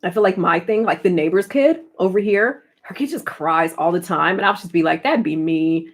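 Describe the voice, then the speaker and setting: A woman's voice: fairly low pitch, animated, fairly quick. A young woman streamer with an American accent, chatting casually, telling stories and laughing often. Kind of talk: casual chat.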